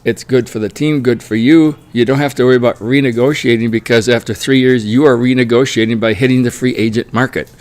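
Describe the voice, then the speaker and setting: A middle-aged man talking through his opinions in a relaxed, unscripted monologue. His voice sits at an ordinary middle pitch, and he sounds firmly opinionated as he argues his point. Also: fast talker, hardly any pauses. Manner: opinionated, mocks players in whiny quoted voices. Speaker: sports commentary vlogger.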